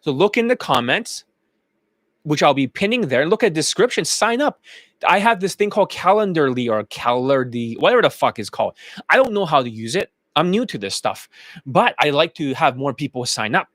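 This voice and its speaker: A man's voice: a little high, very animated, moderate pace, a bit bright, dry recording, clean studio sound. A man talking as a dating coach in a brash, boastful monologue, swearing freely. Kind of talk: casual promotional monologue.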